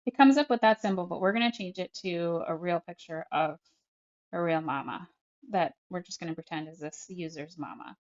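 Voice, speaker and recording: A woman's voice: on the low side, moderate pace, darkish tone, lo-fi sound. A woman speech therapist casually narrating an app tutorial step by step, chatty and full of fillers. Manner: chatty, narrates each tap, frequent fillers. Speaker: speech-language pathologist.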